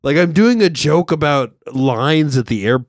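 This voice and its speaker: A young stand-up comic hosting a podcast, talking casually with a loose, swearing delivery. His pitch swings widely as he tells stories. The sound is dry and close to the mic. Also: normal speed, no room sound. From Southern California. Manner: swearing, joking, animated storytelling. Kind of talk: casual chat.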